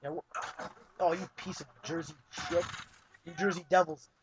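A man's voice: fairly high pitch, little pitch movement, moderate pace, dull audio. Swearing young-sounding gamer guy. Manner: profane, grumbling. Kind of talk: live gameplay commentary. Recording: loud game noise over voice.

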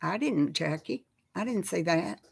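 A woman's voice: on the low side, lively intonation, unhurried, gravelly, slightly rough. A woman hosting a casual live chat, talking with viewers and reading out their names. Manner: chatty, reads out viewer names.

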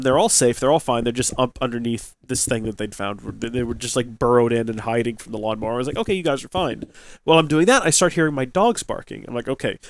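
A man's voice: mid-range voice, no room sound. A man hosting a let's play, telling a rambling story from his recording desk at home. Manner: chatty, rambling, rising excitement in anecdotes. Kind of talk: casual storytelling to viewers.

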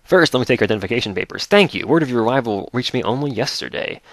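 A man's voice: mid-range voice, animated, very fast, fairly bright tone, no room sound. A man reading aloud the lines of a formal imperial captain who greets a freed prisoner in a video game.

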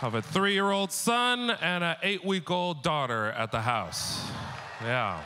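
A man from San Diego performing an animated stand-up comedy set, acting out quotes as he tells stories. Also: a little high, a little slow, crowd noise. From San Diego, California. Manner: animated, punchy storytelling with acted-out quotes. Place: stage at a live comedy show. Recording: live venue with long reverb, faint noise.

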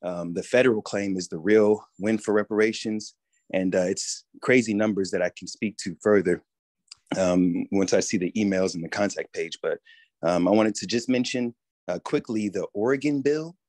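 A man giving a public comment at a town meeting, speaking hesitantly with many pauses and fillers. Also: on the low side, a little mellow, dry recording.

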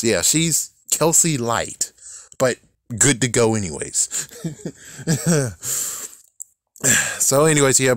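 A man's voice: mid-range voice, no room sound, clean studio sound. A man in his thirties ranting casually about a show, rambling and swearing, with frequent laughs. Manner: rambling, profane, laughs often. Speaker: YouTube show reviewer. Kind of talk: casual rant.

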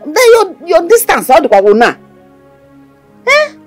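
An actress playing a middle-aged Nigerian mother in a film drama, coaxing and chiding her daughter in a husky voice, mixing in Igbo phrases. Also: extremely high pitch, wildly swooping pitch, unhurried, soft background music, heavily acted.

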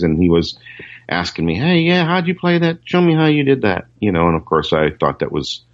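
A man's voice: rumbling low, highs cut off. A man, a session guitarist, telling anecdotes in a casual interview, rambling with lots of fillers and restarts.

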